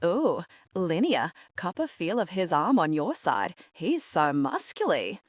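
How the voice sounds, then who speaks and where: A woman's voice: on the low side, big pitch swings, takes it slowly, dry recording, studio quality, exaggerated voice. A woman doing a cheeky Australian auntie. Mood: teasing.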